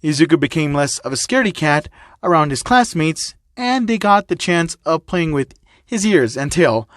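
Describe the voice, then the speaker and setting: A man's voice: a little high, very animated, normal speed, fairly bright tone, no echo, studio quality. A man narrating a fan fiction story in a plain reading voice. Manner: plain reading, then exasperated ranting at the puns.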